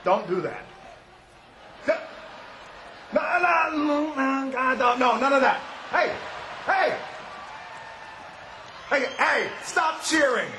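A pro wrestler cutting a boastful, shouting arena promo and referring to himself in the third person. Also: male voice, very high-pitched, lively intonation, very slow, pauses often. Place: large indoor arena. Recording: echoey arena with faint crowd noise.

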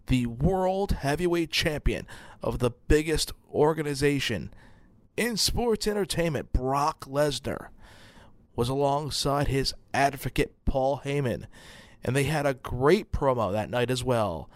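Guy hosting, slow careful recap, dead dry sound. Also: medium pitch, no room sound. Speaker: show host. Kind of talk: recap narration.

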